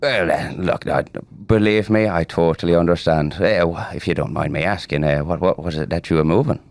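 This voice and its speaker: A man voicing a brash, scrappy male Irish marine, cheeky and quick with fillers, in character at a tabletop game. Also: low voice, creaky, a little mellow, no room sound.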